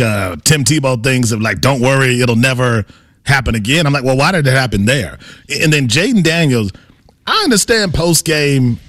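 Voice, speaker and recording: Lively, excitable man co-hosting. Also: mid-range voice, dry recording, clean studio sound. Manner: excitable, playful. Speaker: sports radio co-host. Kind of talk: casual sports talk.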